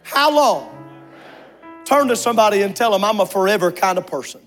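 A man preaching in a church sanctuary, his voice pitched strikingly high for a man. He stretches key words out and climbs into shouts as the sermon builds. Faint music plays softly beneath his words. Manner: impassioned, rising to shouts with long drawn-out words. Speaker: pastor.

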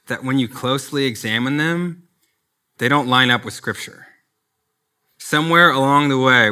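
A man gives a sermon in a bright, clear-edged voice. He preaches earnestly but stays conversational, slipping in personal asides as a pastor. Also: mid-range voice.

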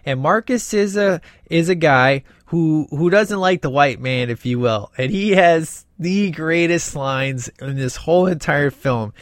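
A man's voice: fairly high pitch, unhurried, few pauses, no echo, studio quality. A man giving a casual, opinionated spoken movie review, rambling with many fillers and restarts.

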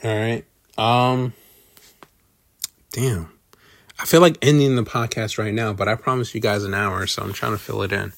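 Solo podcast host, man, lower voice, dry close sound, crude and rambling. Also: fairly even intonation, normal speed, gravelly, pauses often, no room sound. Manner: profane, rambling, self-deprecating.

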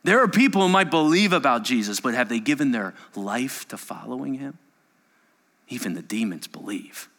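A man preaching a sermon as pastor, animated, swinging between loud emphasis and hushed asides. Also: medium pitch, moderate pace. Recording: long hall reverb.

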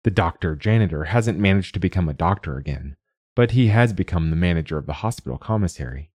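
Deep-voiced male story narrator. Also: lively intonation, fast talker, darkish tone, breathy edge, no room sound. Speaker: host and narrator.

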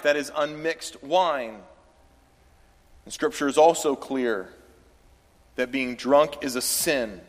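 A male pastor preaches in a church hall, his voice trailing off into a long reverb. His pitch sits a little above the usual for a man, and he talks to the congregation conversationally, then pushes into emphatic stretches. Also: a bit bright. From American South. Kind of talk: sermon. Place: church sanctuary.

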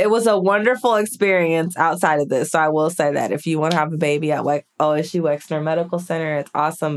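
Low-voiced woman telling stories. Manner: chatty, frequent "like" fillers. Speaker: podcast guest. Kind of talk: casual conversational storytelling.

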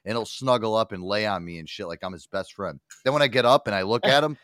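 A man hosting a casual podcast, bantering loudly and swearing constantly. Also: fairly low pitch, fast, no echo, clean studio sound. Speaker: podcast host.

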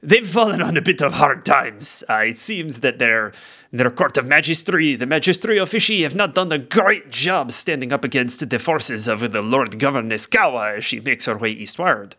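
A man voicing a genial, smooth-talking male bard in his late thirties who speaks in insinuating salesman patter. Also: medium pitch, animated, moderate pace, bright, forceful tone. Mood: scheming.

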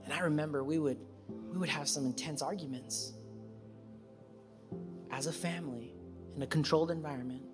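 A male pastor preaching a sermon, emphatic, rising to loud high peaks and then settling into calm, personal storytelling. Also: moderate pace, pauses often. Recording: reverberant church hall with music.

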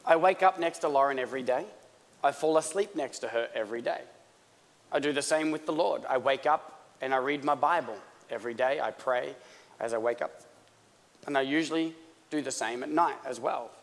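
A man's voice: mid-range voice, moderate pace. A man from Australia preaching a sermon in a conversational, joking manner that builds toward fervor. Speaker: pastor. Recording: long church-hall reverb.

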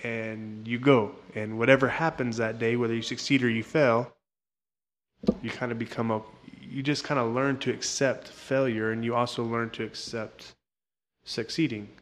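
A man speaking in a casual, rambling way as an interview guest. He repeats himself and restarts sentences as he works through an idea. His voice sits at an ordinary middle pitch. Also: fairly even intonation, moderate pace. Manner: rambling, repetitive, restarts often. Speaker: interview guest, jiu-jitsu coach.

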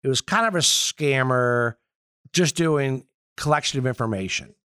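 A man who works as a yacht broker, talking casually in a halting way with many restarts. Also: medium pitch, pushed and bright, smooth, no echo, studio quality. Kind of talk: casual conversation.

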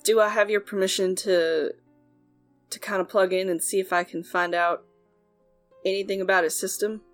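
A calm, reassuring male technician, voiced by a woman in a tabletop game. He explains patiently in a gentle, slightly hesitant way, at an ordinary pitch. Faint music plays underneath. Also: moderate pace, close to an everyday voice. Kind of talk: in-character tabletop dialogue.

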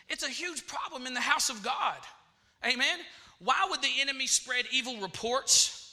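A man's voice: very high voice, bright, forceful tone. A man preaching a sermon in church, repeating phrases and calling out to the congregation.

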